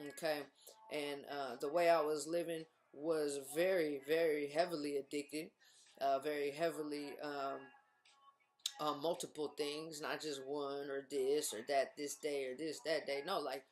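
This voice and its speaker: A woman's voice: low-pitched, a little slow, a little hiss or hum. A woman in her thirties telling her own recovery story in a casual, slangy way, acting out what others said. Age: 30s. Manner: animated, slangy, acts out voices of others.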